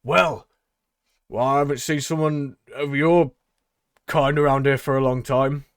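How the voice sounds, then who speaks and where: A loud, beaming cat-folk tavern keeper, as a game master puts him on, hearty and pushy like a salesman drumming up recruits. The voice sits higher and louder than the man's usual talk, recorded close and dry. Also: steady tone, measured pace, smooth, dry recording, natural voice. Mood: booming.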